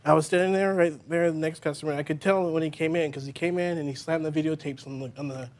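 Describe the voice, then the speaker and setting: A man testifying as a witness in a halting, hesitant way. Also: a little high, fairly even intonation, a little mellow. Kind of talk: courtroom testimony.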